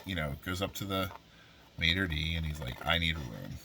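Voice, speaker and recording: A man's voice: normal speed, background noise. A man hosting a vlog, casually telling a story and acting out the people in it with big jumps in his voice. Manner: animated, acts out quoted voices with big pitch jumps. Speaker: vlog host.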